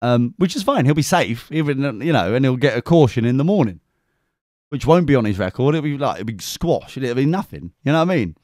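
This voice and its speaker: A man's voice: medium pitch, fairly quick, dry recording, studio quality. A man co-hosting a podcast, telling a rowdy story in casual chat and acting out quotes in camp voices. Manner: animated, sweary, acts out quotes in camp voices. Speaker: podcast co-host.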